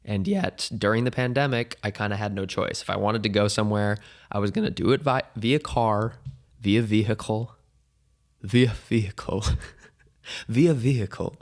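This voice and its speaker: Hoarse young man rambling on a podcast. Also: fairly low pitch, normal speed. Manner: rambling, jokey, self-deprecating. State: hoarse, weak voice. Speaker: podcast host. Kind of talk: casual solo podcast chat.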